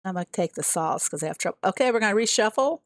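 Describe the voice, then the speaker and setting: A woman live-streaming a farming game, chatting with her viewers and reading their comments aloud. Her voice sits at an ordinary middle pitch. The sound is dry and close, with no room around it. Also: animated, rapid-fire, no echo. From USA. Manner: chatty, talks to herself and reads chat aloud.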